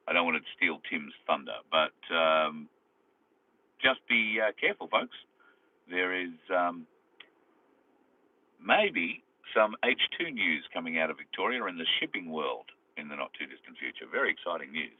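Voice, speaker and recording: A deep-voiced Australian man rambles through a casual live chat, dotting his talk with fillers. He is speaking from his car while driving. His voice comes through a phone, thin and tinny like an old AM radio. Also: expressive, normal speed. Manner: rambling, chatty, many fillers. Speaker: live streamer. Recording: tinny phone-like sound over phone.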